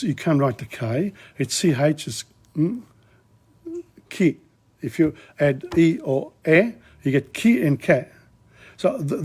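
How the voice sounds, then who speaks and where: Older man, Italian native, loose rambling lesson, husky and mellow. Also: mid-range voice. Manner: rambling, repetitive, many fillers and restarts. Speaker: language teacher. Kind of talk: casual spoken lesson.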